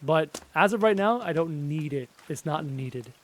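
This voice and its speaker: A man giving chatty live gameplay commentary, excitable and often yelping at enemies. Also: a little high, measured pace, slight background noise. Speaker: gaming YouTuber.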